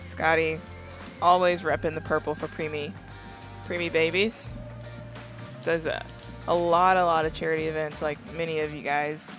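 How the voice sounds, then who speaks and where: A man's voice: on the high side, little pitch movement, normal speed, long pauses, fairly bright tone, faint music behind. A man as co-commentator at a long-drive golf event, adding short remarks and quips. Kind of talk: live sports commentary.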